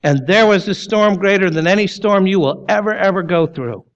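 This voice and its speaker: A man preaching a sermon as pastor, emphatic and full of rhetorical questions, sometimes sinking low and quiet. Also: moderate pace, dull audio.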